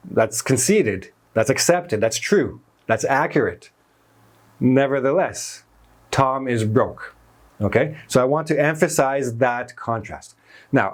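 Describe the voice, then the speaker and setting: A man teaching a grammar lesson in a calm, mid-pitched voice. He explains patiently, restates each idea in new words and checks in with the listener often. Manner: patient, repeats and rephrases points, checks in with "right?". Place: in Canada.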